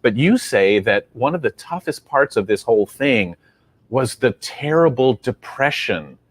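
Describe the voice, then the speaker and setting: A man's voice: mid-range voice, lively intonation, measured pace, dry recording. A man hosting an interview, speaking earnestly and reflectively as he steers the conversation toward his guest's story. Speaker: interview host. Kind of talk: casual interview.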